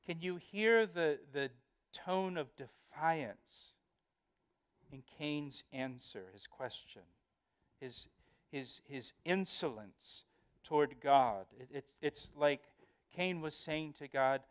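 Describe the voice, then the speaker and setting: A man's voice: medium pitch, expressive, slow pace, pauses often, clean tone. A male pastor giving a verse-by-verse Bible study, earnest and emphatic, often repeating words as he explains.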